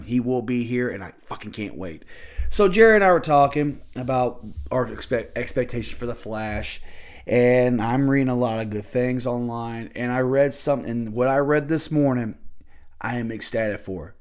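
A man hosting his own podcast, talking casually and ranting bluntly with lots of swearing. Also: mid-range voice. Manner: loose and conversational with fillers. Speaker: podcast host. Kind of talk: casual solo podcast chat.

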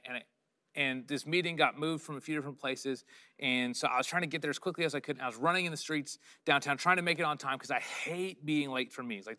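A man's voice: on the high side, bright, forceful tone. A middle-aged man preaching a sermon as pastor, telling stories and building to emphatic peaks.

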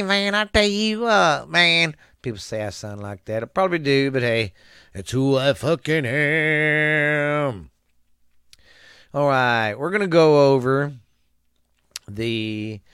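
Podcast host, male, slow and smooth, profane and rambling, trips over reading. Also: medium pitch. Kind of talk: casual chat and reading history.

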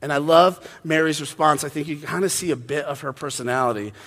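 A man's voice: fairly high pitch, a little fast, a bit bright. A man preaching a casual, joking sermon, chatty and full of fillers. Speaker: pastor. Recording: long hall reverb.

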